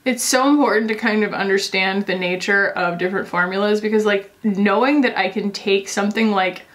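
A woman's voice: mid-range voice, fairly quick, fairly bright tone. A woman in a casual makeup tutorial, talking in a rambling, chatty way full of "like" while she applies makeup. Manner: chatty, rambling, many "like" fillers; explains while applying makeup. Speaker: beauty vlogger.

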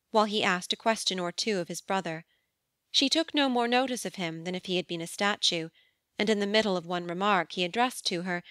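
A woman reading a novel aloud as an audiobook narrator, in an even, measured storytelling manner. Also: medium pitch, clear, resonant tone, no room sound, studio quality. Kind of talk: scripted narration. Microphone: studio microphone.

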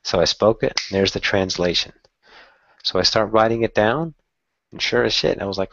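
A man casually telling a personal story in a candid, excitable way, swearing now and then. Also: on the low side, moderate pace, creaky, no room sound, muffled recording. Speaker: channeler telling his story.

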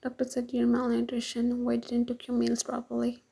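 A woman voicing a possessive young man, a brooding mafia stepbrother, in a whispered role-play with a breathy, hushed delivery. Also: fairly high pitch, completely flat delivery, fairly quick. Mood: worried.

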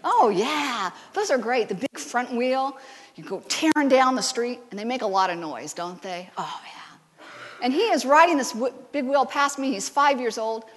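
A woman's voice: on the high side, moderate pace. A woman giving a conversational sermon, telling stories and bantering with the congregation in a church sanctuary. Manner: lively storytelling, banters with the congregation. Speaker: preacher. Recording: long church hall reverb.

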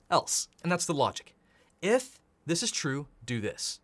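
Animated, excitable man teaching code. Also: on the high side, takes it slowly. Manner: enthusiastic, playful, laughs often, acts out yelled lines. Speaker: programming instructor. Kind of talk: energetic tutorial narration.

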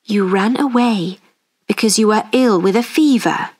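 Brief: woman reading a gentle, reassuring male lawyer, slow and calm. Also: mid-range voice, lightly acted.

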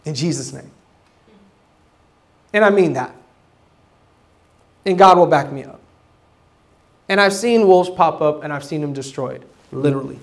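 Man, pastor, high-pitched, animated preaching, casual slang, loud bursts and low asides. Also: a little slow, long pauses. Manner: casual slang, acts out quoted voices. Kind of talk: sermon.

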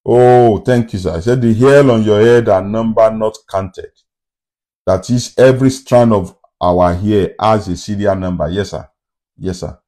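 A man's voice: on the low side, measured pace, mellow. A man preaching a sermon, emphatic and fond of repeated rhetorical questions.

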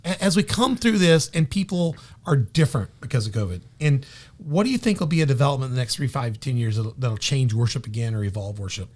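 A man's voice: mid-range voice, fast, few pauses. A middle-aged male pastor hosting a casual interview, telling stories animatedly and acting out quotes. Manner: animated storyteller, acts out quotes. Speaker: pastor and podcast host.

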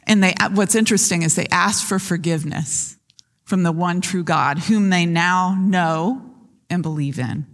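A woman pastor giving a sermon, retelling scripture in a lively storytelling manner. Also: lowish voice, a little slow, big-room sound. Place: church sanctuary.

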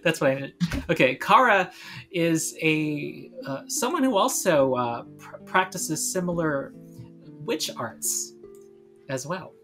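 A woman's voice: low voice, lively intonation, slow, faint music behind. A woman narrating as game master of a tabletop game, hesitant with many fillers.

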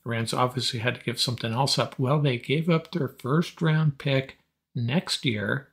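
A man's voice: mid-range voice, fairly bright tone. A man hosting a solo sports podcast, giving emphatic, opinionated draft analysis. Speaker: podcast host.

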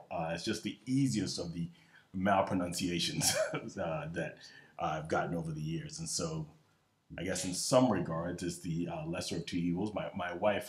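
A man, a surgeon speaking on a conference panel, soft-spoken and halting, with gentle humor. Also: sits low. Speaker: orthopaedic surgeon and associate professor. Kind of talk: panel discussion. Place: symposium lecture hall. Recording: echoey conference hall on a mic.

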